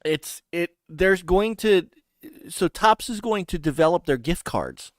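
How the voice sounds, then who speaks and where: A man's voice: sits high, expressive, a little slow, no room sound, clean studio sound. A man hosting a casual gaming podcast from his home basement, laughing often and getting flustered. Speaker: podcast host.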